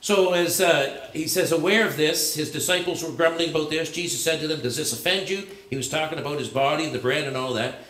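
Male pastor with a high voice in an echoing church. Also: fairly quick, hardly any pauses, fairly bright tone. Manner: conversational, searching, frequent restarts and fillers. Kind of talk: sermon. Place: church sanctuary. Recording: echoey church room.

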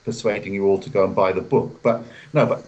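A man being interviewed as a guest author over a video call, explaining in a measured way and acting out example phrases. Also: lowish voice, fairly even intonation, darkish tone, lo-fi sound. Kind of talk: interview answers. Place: hotel room.

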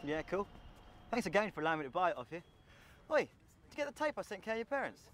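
A man's voice: high-pitched, very animated, fast talker, fairly bright tone. An actor playing an overconfident young man who brushes off every worry. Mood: breezy. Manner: glib, overconfident reassurance. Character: overconfident young male schemer. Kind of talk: film acting.

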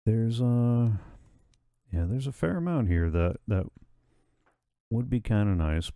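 A man hosting a let's-play, talking through a video game casually in a relaxed, wry manner and thinking aloud. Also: lowish voice, slow, dry recording, clean studio sound. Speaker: gaming let's-play host. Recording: voice over game audio with faint music.

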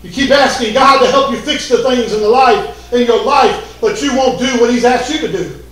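High-voiced pastor preaching hard, lots of shouting, super echoey church. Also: male voice, normal speed. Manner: fervent, often shouting. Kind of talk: sermon. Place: church sanctuary. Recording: echoey church hall from a distance.

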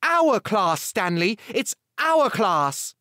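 A man's voice: high-pitched, big pitch swings, very slow, sharp tone, no echo, clean studio sound, voice pushed up, exaggerated voice. A man putting on a haughty meddling old mother. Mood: meddling, snobbish. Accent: British. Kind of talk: audiobook narration.

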